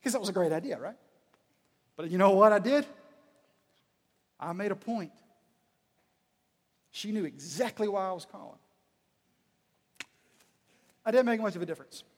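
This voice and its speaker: High-voiced man telling stories in a hall. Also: moderate pace, pauses often. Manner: animated, acts out dialogue. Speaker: speaker. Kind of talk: humorous storytelling talk. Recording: reverberant hall.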